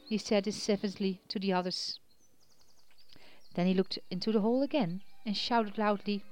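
A woman narrating a children's storybook in an expressive reading voice. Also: mid-range voice, moderate pace, no echo, faint music behind.

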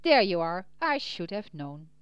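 A woman reading a storybook voices a large, sturdy male innkeeper who talks loud and hurried. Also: lowish voice, sing-song, clear, resonant tone, no echo. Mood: urgent.

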